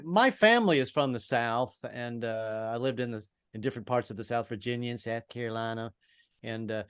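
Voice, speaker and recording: Halting middle-aged man doing stand-up. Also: fairly high pitch, no echo, clean studio sound. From American East Coast. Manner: halting, restarts, deadpan punchlines, puts on accents. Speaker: stand-up comedian. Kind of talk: online stand-up set. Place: home in Brooklyn, online show.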